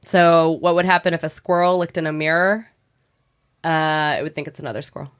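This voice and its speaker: A woman co-hosting a podcast, chatty and giggly as she talks in quick bursts. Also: low voice, fairly even intonation, clean tone. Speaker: podcast co-host. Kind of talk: casual chat.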